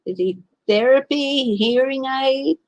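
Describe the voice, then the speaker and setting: A woman's voice: high-pitched, slow pace, a little mellow, poor audio. A woman with an Australian accent doing a casual live-stream tarot reading, chatting and greeting viewers by name. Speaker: tarot reader.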